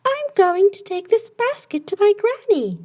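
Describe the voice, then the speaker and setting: A cheerful little girl from a fairy tale, voiced by a woman narrator. She sounds bright and innocent, with a very high voice that lilts up and down. The pace is slow and easy. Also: big pitch swings, exaggerated voice.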